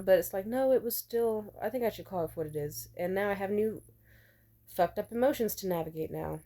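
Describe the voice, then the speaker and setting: A woman's voice: medium pitch, quick pace, mellow. A young adult woman telling a personal story to camera, blunt and profane, talking casually with lots of fillers. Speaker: vlogger.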